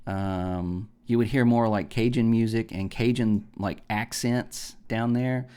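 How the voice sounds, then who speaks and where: A man's voice: on the low side, steady tone, slow pace, dark tone, smooth. A man from the American South, chatting on a gaming podcast, rambling and opinionated with lots of ums and restarts. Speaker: podcast host. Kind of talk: casual podcast chat.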